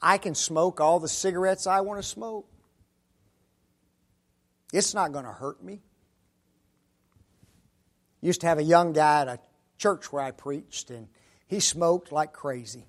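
His voice a little high and a little slow, this preacher pauses often during his sermon. He poses rhetorical tag questions and alternates loud declarations with quiet asides.

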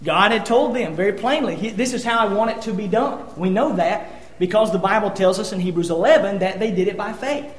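A man's voice: high voice, a little fast. A man preaching a sermon, earnest and conversational, often restarting his sentences as he reads scripture. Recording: echoey room.

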